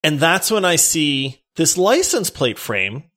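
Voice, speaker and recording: Animated man telling a story, lively pitch. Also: slow pace. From Louisiana. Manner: animated, laughs through his story, acts out quotes loudly. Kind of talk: casual storytelling chat.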